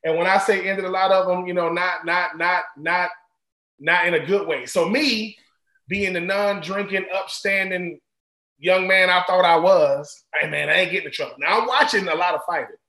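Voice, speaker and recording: A man's voice: high voice, normal speed, pushed and bright, roomy sound. A man, a former college football player, telling stories casually and animatedly, often repeating and restarting phrases. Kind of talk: casual storytelling.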